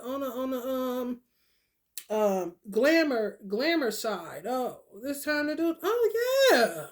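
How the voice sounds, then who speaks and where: A woman with a fairly high voice delivers an animated, preachy rant straight to her viewers. She swears freely and talks to them as "y'all" and "honey", sliding between loud outbursts and quieter, lower asides. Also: measured pace. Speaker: vlogger. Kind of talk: casual monologue to camera.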